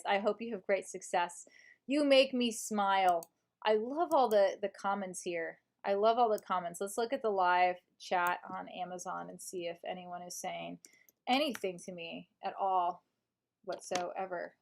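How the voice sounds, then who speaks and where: Chatty woman reading aloud on a livestream. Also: medium pitch. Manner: chatty, laughs often, mixes reading with asides. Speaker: live-stream host.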